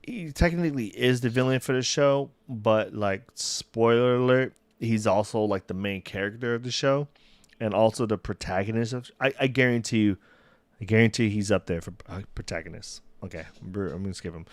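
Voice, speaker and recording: A man's voice: on the low side, normal speed, dry recording. A young man chatting casually on a solo livestream, rambling, restarting sentences and laughing at himself. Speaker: streamer. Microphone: desk mic.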